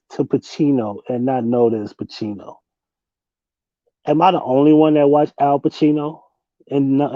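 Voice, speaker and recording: Young man, relaxed livestream host; mellow tone, dry slightly muffled desk mic, easy laughing delivery. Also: medium pitch, normal speed, dry recording. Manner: loose, laughing, slangy, talks to chat. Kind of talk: casual late-night livestream chat.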